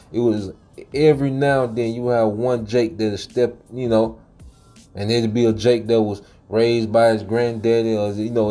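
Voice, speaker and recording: Preachy man with a dark mellow voice. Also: lowish voice. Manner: preachy, repeats "man" and "okay"; frequent laughs and fillers. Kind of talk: casual monologue.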